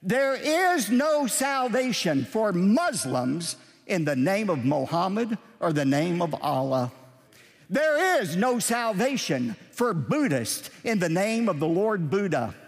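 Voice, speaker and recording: A man preaching a sermon as pastor, emphatic, moving between slow measured points and shouted declarations. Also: sits high, sing-song, in a large hall.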